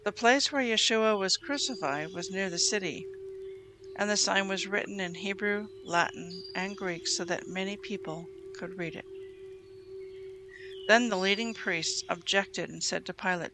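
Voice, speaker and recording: A host reads scripture aloud at an even, measured pace, with a clear musical bed playing underneath. The voice sits in a middle pitch. Quoted lines are read plainly, with little change of voice. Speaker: Bible reading host. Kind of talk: scripture reading. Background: music bed under the reading.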